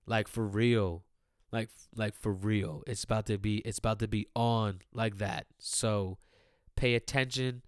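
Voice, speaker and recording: A man hosts a solo podcast and rants casually, profane, heated and repetitive, speaking directly to his listeners. His voice is on the low side, steady and unhurried, clear and resonant, in clean studio sound without echo.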